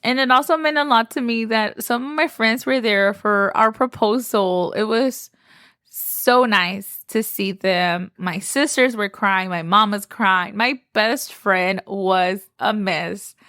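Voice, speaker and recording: A young woman from Texas tells a story on her podcast, gushing and full of "like". Her voice sits at a middle pitch. The close mic gives a dry sound no room in it. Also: takes it slowly, a bit bright, smooth, no echo. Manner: chatty, gushing, says "like" often. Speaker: podcast host. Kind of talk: casual storytelling.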